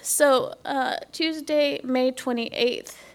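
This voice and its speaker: Woman, middle-aged, slightly high voice; heartfelt church testimony, hushed at times, talks straight to the congregation. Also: steady tone, drawn-out words, clear, resonant tone. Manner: earnest, drops to a whisper, asks the audience questions. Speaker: speaker giving a church testimony.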